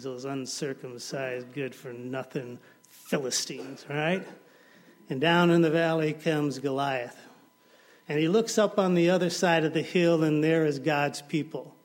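A man preaching a sermon, telling stories dramatically and swinging from hushed to loud. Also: a little high.

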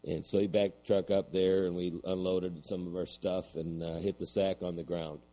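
A man's voice: low voice, level tone, normal speed, mellow, poor audio. A middle-aged man preaching a sermon, telling a story and then building to emphatic points. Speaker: pastor.

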